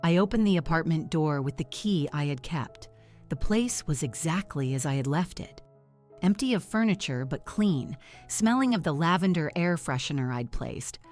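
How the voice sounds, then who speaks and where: A middle-aged woman narrating a first-person family story in an earnest, measured way. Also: sits low, lively intonation, a little mellow, soft background music.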